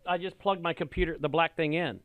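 A man's voice: fairly high pitch, steady tone, a little fast, fairly bright tone. A man hosting a radio show, chatting casually in a jokey, self-deprecating way. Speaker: radio host.

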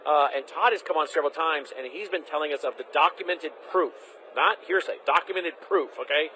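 A man's voice: a little high, brisk, sharp tone, a little hiss or hum, poor audio. A man hosting a political interview, insistent and repeating key phrases for emphasis. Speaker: interview host.

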